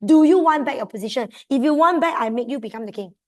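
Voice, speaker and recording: A woman acting out a smooth-talking male colonial official who coaxes a prince to accept his help. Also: high voice, animated, fast, a little mellow, distant mic. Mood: coaxing.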